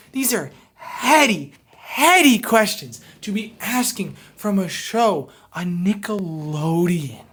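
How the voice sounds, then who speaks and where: Profane, excitable TV review commentator. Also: medium pitch, breathy edge. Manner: profane, excitable, swings from shouting to hushed reflection. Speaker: video essayist reviewing a TV episode.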